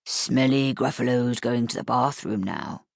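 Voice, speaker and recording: A woman voicing a playful father who puts on a slow, growling monster voice for his daughters. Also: a bass voice, creaky, no echo, clean studio sound, pitched below the performer's own voice, heavily acted. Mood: growly playful.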